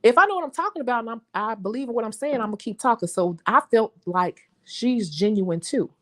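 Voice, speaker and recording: A young adult woman with a Chicago accent, a nail technician chatting to her viewers in an animated, talkative way. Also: a little high, fairly quick. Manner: chatty, animated storytelling, says y'all. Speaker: nail technician and channel host. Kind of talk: casual chat to viewers.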